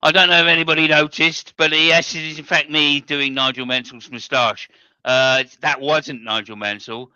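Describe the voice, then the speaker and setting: A man's voice: a little high, steady tone, normal speed, sharp tone, smooth, dry recording, dull audio. A man hosting a casual motorsport chat over an online call, jokey and rambling with many fillers. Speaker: podcast host.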